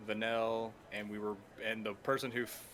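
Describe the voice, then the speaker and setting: A man's voice: lowish voice, level tone, brisk, fairly bright tone, a little hiss or hum. A man playing a tabletop game, chatting in a scattered, self-mocking way. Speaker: player. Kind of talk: casual tabletop game chat.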